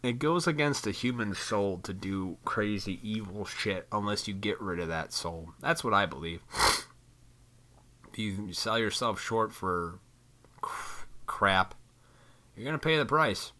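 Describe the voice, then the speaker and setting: A man's voice: on the low side, measured pace, sharp tone. A man delivering a blunt, profane, preachy monologue straight into a microphone as a solo podcast host. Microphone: studio microphone.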